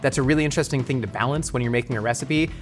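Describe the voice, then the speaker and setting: A man hosting a casual, jokey cooking show, excitable and playful, with sudden jumps up in pitch. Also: rapid-fire, a little hiss or hum.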